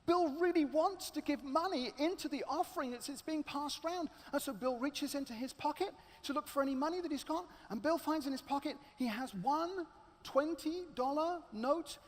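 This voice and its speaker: A man preaching a sermon as a dramatic, animated storyteller. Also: very high-pitched, normal speed. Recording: echoey large hall.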